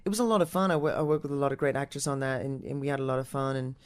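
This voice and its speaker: Here an English stage performer, an actor and singer from Newcastle, responds to interview questions in a clear, resonant voice. His accent is part American, part Northern English. He speaks rapidly on a fairly even line, wandering off track and filling his speech with restarts and filler words.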